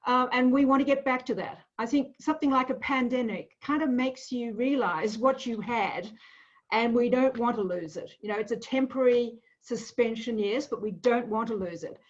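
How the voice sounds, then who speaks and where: A woman's voice: a little high, moderate pace, muffled recording. A woman speaking earnestly and upbeat about her city, with frequent fillers, on a video call. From Melbourne. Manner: earnest, upbeat civic talk with many fillers.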